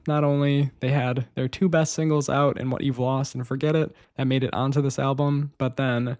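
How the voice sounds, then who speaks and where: A man's voice: medium pitch, a little mellow, no room sound. Chatty young man, dry close sound. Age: young adult. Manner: enthusiastic, rambling, laughs often, uses "like" and "man". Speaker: podcast host. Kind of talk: casual solo music review podcast.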